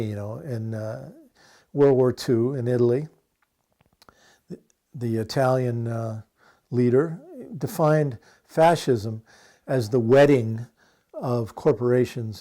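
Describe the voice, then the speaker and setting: A man's voice: mid-range voice, mellow. A man in his sixties from the United States, an activist giving an earnest, impassioned interview answer with frequent fillers and restarts.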